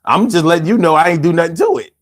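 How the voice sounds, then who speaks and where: A man's voice: on the high side, expressive, very fast, slight background noise. A middle-aged man hosting a casual live stream, reading viewer comments aloud and answering in a profane, rambling way with stammered restarts.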